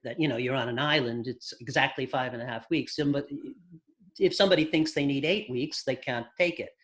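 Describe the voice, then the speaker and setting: A man, a record producer, guest on an interview, telling long anecdotes at an unhurried pace with thoughtful pauses. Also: medium pitch, fairly bright tone. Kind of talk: casual storytelling interview.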